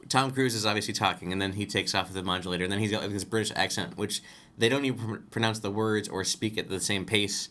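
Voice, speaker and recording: A man's voice: on the low side, fast talker, few pauses, sharp tone. A man co-hosting a casual film discussion, rambling and correcting himself as he explains. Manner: rambling, self-correcting, chuckles while explaining. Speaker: podcast co-host.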